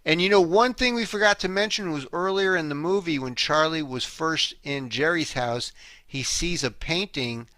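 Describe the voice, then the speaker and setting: A man's voice: on the high side, moderate pace, bright, forceful tone, dry recording. A man co-hosting a podcast, retelling a movie scene by scene in a laid-back, slangy way. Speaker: podcast co-host. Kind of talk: casual movie recap chat.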